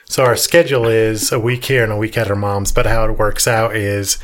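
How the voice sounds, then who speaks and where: A man co-hosting a casual podcast with a weak, hoarse voice after a hospital stay, rambling with lots of fillers. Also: fairly low pitch, little pitch movement, brisk, fairly bright tone. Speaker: podcast co-host. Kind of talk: casual chat.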